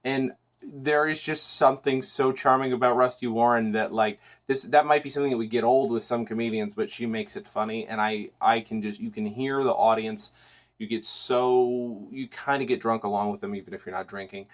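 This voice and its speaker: A man hosts a solo podcast in a loose, chatty review voice. He rambles, doubles back on himself and fills gaps with "um" and "uh". His pitch sits in an ordinary middle range for a man. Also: fairly even intonation, normal speed. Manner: rambling, chatty, frequent restarts and fillers. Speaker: podcast host.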